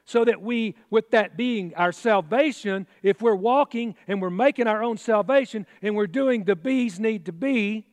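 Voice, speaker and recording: A man's voice: high-pitched, unhurried, hardly any pauses, a little mellow, dry recording, long reverb tail. A man preaching a sermon in a folksy, exclamatory way, with chatty asides. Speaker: pastor.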